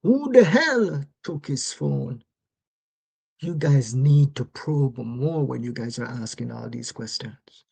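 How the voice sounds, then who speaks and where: A livestream commentator speaking casually and rhetorically, often checking in with "right?" and slowing down to stress key words. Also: medium pitch, expressive, gravelly, darkish tone, slightly rough. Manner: rhetorical, repeatedly asks "right?" and "yes?".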